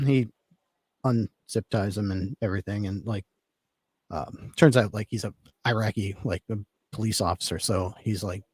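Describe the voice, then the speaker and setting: Husky-voiced man telling a long story. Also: lowish voice, normal speed, dry recording. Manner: rambling, filler-heavy, laid-back. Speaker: podcast guest telling a story. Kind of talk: casual storytelling.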